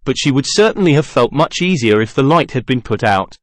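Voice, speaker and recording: Male narrator reading a novel, dramatic, with a lively pitch and a dry, close sound. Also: brisk, dry recording. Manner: dramatic, expressive. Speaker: audiobook reader.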